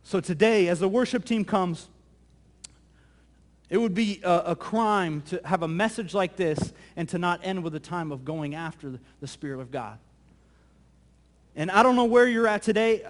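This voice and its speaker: A male pastor preaching a sermon, telling a story in a lively, conversational way that often repeats words. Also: high voice, moderate pace. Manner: animated, conversational, repeats words when excited.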